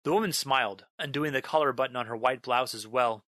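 A man narrating a first-person horror story, dramatic in delivery, drawing out a repeated line slowly and breaking into yelled outbursts. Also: mid-range voice, dry recording. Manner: dramatic, slows down on a repeated line, bursts into yelling.

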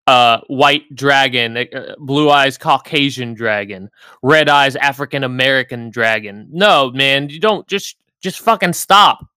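A man's voice: medium pitch, measured pace, pushed and bright, clear, resonant tone, dry recording. A man co-hosting a podcast, getting heated and emotional as he rants and swears. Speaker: podcast co-host. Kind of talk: casual podcast rant.

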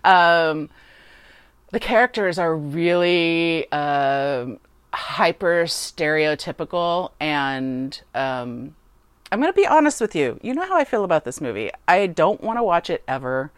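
A woman with a notably low voice, recorded dry and close, co-hosts a relaxed film discussion. She talks emphatically, repeating words for stress and filling pauses with "um." Her delivery is animated and opinionated. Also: clear, resonant tone, no echo. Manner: animated, emphatic, many fillers and repetitions. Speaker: podcast co-host. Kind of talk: casual movie review chat.

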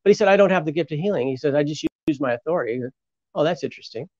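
Animated storytelling pastor, slightly muffled. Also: male voice, fairly high pitch, rapid-fire, no room sound. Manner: animated storyteller acting out quoted voices. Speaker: pastor, guest. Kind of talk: storytelling testimony. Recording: muffled lo-fi sound.

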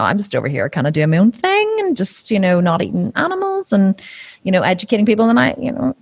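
A woman guest on a podcast talks in a husky voice that swoops up and down a lot. She is blunt and animated, swears freely, and slips into other people's voices to make her points. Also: mid-range voice, a little fast, dry recording, clean studio sound. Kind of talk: casual interview chat.

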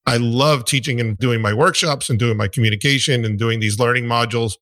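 A man's voice: mid-range voice, fairly even intonation, a little fast, fairly bright tone, no echo. A man with a Brooklyn accent, a physician who hosts a podcast, talking in a friendly, reflective way. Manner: friendly, reflective, laughs easily. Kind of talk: podcast interview.

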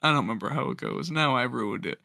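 A young man co-hosting a casual podcast, reacting excitably and laughing a lot. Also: mid-range voice, fast talker, creaky, no echo, clean studio sound. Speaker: podcast co-host. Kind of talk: casual chat among friends.

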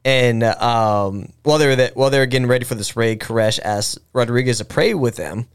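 A man's voice: mid-range voice, brisk, clear, resonant tone. A young man co-hosting a podcast, telling a history story in a loose, rambling way with fillers, restarts and swearing. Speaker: podcast co-host. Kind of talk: casual conversational storytelling.

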